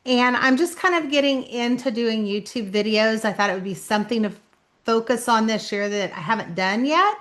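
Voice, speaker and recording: A woman's voice: on the high side, normal speed, a bit bright. A middle-aged woman with a slight Southern Indiana twang, chatting casually to camera as an author introducing her channel. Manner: chatty, self-conscious, laughs often. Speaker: author vlogger.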